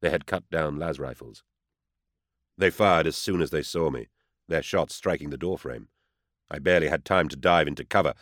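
A man reading a first-person audiobook in a measured, tense narrating manner. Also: extremely low pitch, a bit bright, no echo. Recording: dry close studio sound.

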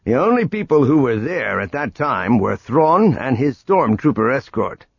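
A man's voice: medium pitch, big pitch swings, moderate pace, creaky, slightly rough, dry recording, lo-fi sound, full character voice. A man voicing a confident male adventurer who speaks positively and earnestly.

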